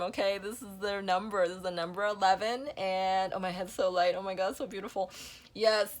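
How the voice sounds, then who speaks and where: Woman, young adult, tarot reader, gushing, chatty, mid-pitched, keeps saying "okay?". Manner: gushing, breathy exclamations, repeats "okay?" and "you know". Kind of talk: spiritual tarot reading to camera.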